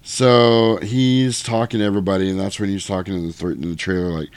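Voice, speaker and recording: A man's voice: low voice, level tone, clear, resonant tone, dry recording. A man casually recapping a movie scene by scene on a podcast, profane and joking. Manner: profane, joking, quick to do voices.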